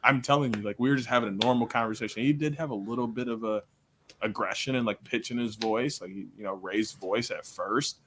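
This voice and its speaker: A man's voice: lowish voice, brisk, a little hiss or hum. A man co-hosting a podcast who tells a story in casual chat, acting out what people said and laughing often. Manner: animated, laughing, acts out quotes. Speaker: podcast co-host and coach.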